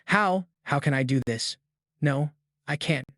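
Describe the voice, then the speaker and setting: A man's voice: on the high side, measured pace, fairly bright tone, no echo, clean studio sound. A man voicing a frightened young woman who pleads in a shaky voice.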